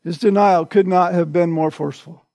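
A preacher with a strikingly high, steady, warm, and creaky voice teaches from the Bible at a normal speed. He speaks conversationally, frequently adding a questioning "right?" for his listeners, and the sound is close and dry with no room echo.

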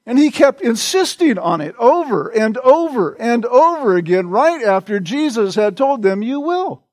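A male pastor preaching a sermon in a slow, deliberate way, repeating short phrases for emphasis. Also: extremely high pitch, very animated, darkish tone, no room sound.

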